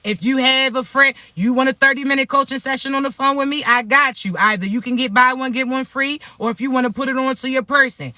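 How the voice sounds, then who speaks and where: Forceful, profane woman spiritual reader. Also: sits high, steady tone, quick pace, hardly any pauses, no room sound. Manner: blunt, profane, fired-up warnings; talks hard and streetwise. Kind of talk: direct-to-camera spiritual vlog.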